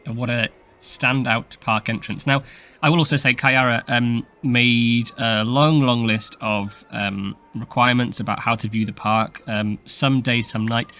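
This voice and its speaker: A man's voice: medium pitch, sharp tone. A man hosting a casual video game park tour, chatty and playful, laughing often. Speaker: channel host.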